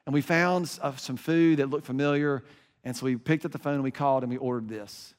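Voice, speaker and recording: An American man telling a travel story in a sermon, animated and emphatic, often restarting his sentences. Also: medium pitch, brisk, clean tone. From United States. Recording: reverberant hall.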